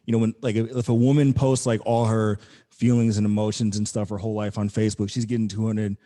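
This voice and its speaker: A man's voice: on the low side, level tone, fast, warm tone. A man co-hosting a podcast, talking in a loose, rambling way and swearing freely. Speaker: podcast co-host. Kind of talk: casual chat.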